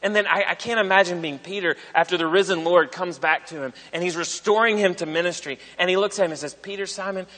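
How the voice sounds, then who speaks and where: Bright-voiced preacher in an echoing hall. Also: male voice, high voice, fast talker, hardly any pauses. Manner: conversational preaching, repeats phrases and tags lines with "right?". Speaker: pastor. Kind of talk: sermon.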